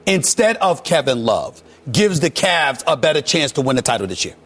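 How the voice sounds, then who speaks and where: A man's voice: fairly high pitch, big pitch swings, moderate pace. Combative man on a sports debate. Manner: combative, loud, repeats himself.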